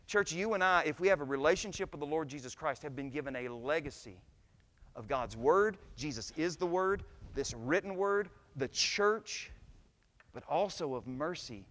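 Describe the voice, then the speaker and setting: A man preaching a sermon to his church, telling stories and building to loud, impassioned climaxes. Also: on the high side, moderate pace, long reverb tail. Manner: preaching, swells to shouts at climaxes. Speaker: pastor. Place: church sanctuary.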